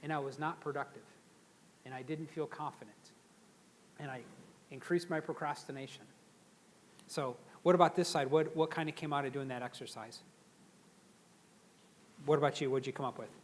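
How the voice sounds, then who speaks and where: A male speaker with a notably high voice delivers a motivational seminar to a live audience. He is energetic and chatty, jumping between stories and calls for the crowd to repeat after him. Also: moderate pace, pauses often, a little hiss or hum.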